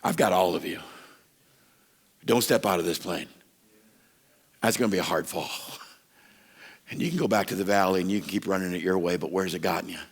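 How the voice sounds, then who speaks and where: A man preaching a sermon to a men's retreat, telling stories with lively acted-out voices. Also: deep voice, a little fast, creaky, long pauses. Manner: animated storytelling preacher, acts out voices. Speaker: pastor.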